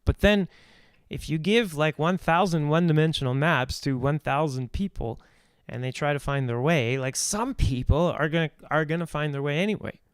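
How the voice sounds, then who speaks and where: A man's voice: fairly high pitch, moderate pace, clear, resonant tone, no room sound, clean studio sound. A man teaching singing technique on a live stream, explaining ideas aloud with restarts and small sung demonstrations.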